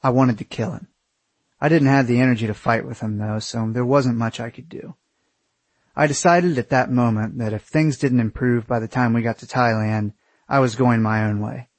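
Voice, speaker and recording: A man's voice: medium pitch, steady tone, normal speed, no echo. A young man narrating his own travel story in the first person, crude and wry.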